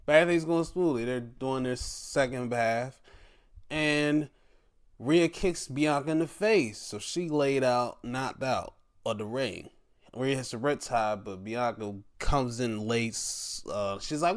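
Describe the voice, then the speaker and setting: A man's voice: mid-range voice, slow pace, smooth. A man hosting a podcast, casually recapping wrestling matches with lots of sighs and swearing. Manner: animated, swearing, frequent sighs. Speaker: podcast host.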